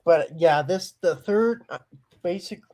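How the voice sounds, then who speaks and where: A young guest filmmaker with a high-sitting, darkish voice speaks unhurriedly in a casual livestream chat. Talking about his own film, he sounds eager yet hesitant and keeps restarting his sentences.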